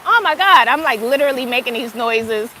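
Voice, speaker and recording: A woman's voice: sits high, expressive, brisk, pushed and bright, a little hiss or hum. A middle-aged woman giving a casual, emphatic motivational talk about gratitude, swearing freely and stretching her words for stress. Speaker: spiritual motivational speaker.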